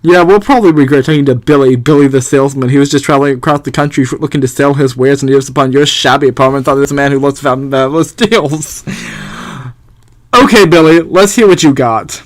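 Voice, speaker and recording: A man's voice: mid-range voice, fairly even intonation, quick pace, hardly any pauses, no echo. A young man giving casual, rambling and self-deprecating commentary over a video game he plays. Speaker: let's play host.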